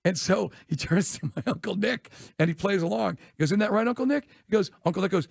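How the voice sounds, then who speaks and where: A man co-hosting a sports talk radio show, telling quick jokey stories and laughing at his own punchlines, on a studio microphone. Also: sits high, creaky, slightly rough, no echo. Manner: rapid, joking storyteller who laughs at his own punchlines.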